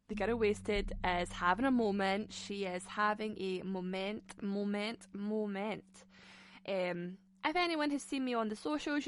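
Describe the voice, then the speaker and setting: A woman's voice: medium pitch, no room sound. Girl in her 20s ranting on her podcast, swears a lot, laughs a lot, dry close sound. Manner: sweary, sassy, quick to laugh. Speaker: podcast host. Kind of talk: casual solo podcast chat.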